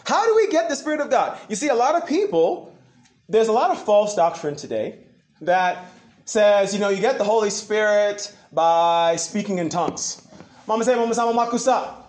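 A man preaching a sermon, asking questions back to his congregation in an animated way. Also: high voice, moderate pace. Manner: animated, call-and-response with the congregation. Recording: echoey room.

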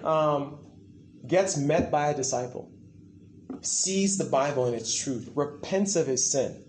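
A man preaches a sermon in a high voice whose pitch swoops up and down. He acts out the quotes he tells and asks the listeners to answer him. The sound rings in an echoey hall. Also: slow, a little hiss or hum. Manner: animated, acts out quotes, asks the crowd for replies. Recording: echoey room.

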